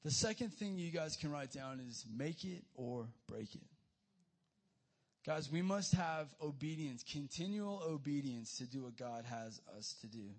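A young man giving a youth sermon, energetic and casual, calling his listeners guys and dude. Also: a little high, unhurried. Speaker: youth pastor.

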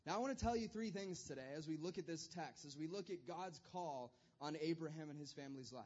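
A man's voice: on the high side, a little fast, a little mellow, highs cut off. A man preaching a sermon as pastor, in a loose conversational style with self-deprecating humor.

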